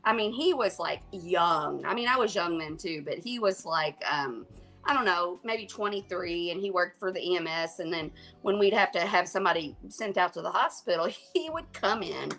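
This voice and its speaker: A woman's voice: on the low side, animated, moderate pace, creaky, bright, forceful tone, soft background music. Chatty, laughing woman from southern Indiana. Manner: chatty, laughs while talking, blunt. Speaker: live stream co-host. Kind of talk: casual chat.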